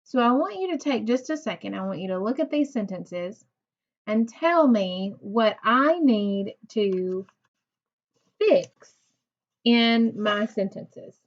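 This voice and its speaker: A woman teaching a recorded reading lesson to young children, speaking slowly and patiently, praising and asking questions of pupils who aren't there. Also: on the high side, lively intonation, lo-fi sound. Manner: slow, patient, encouraging, asks questions to unseen pupils.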